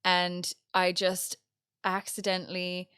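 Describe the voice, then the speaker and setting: A woman's voice: on the low side, monotone, slow, sharp tone, clean tone, no echo, studio quality. A young Irish woman co-hosting a podcast, chatting casually and laughing at herself. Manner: chatty, self-deprecating, laughs often. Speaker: podcast co-host. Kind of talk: casual chat.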